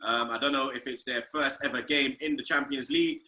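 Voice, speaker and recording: Loud excitable football host. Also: male voice, mid-range voice, brisk, roomy sound, low-quality recording. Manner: loud, excitable, swears a lot. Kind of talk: casual football banter.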